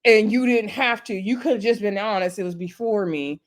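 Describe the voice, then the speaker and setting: A woman's voice: mid-range voice, normal speed. A woman casually recapping a reality show episode, chatty and opinionated, retelling each scene in quoted dialogue.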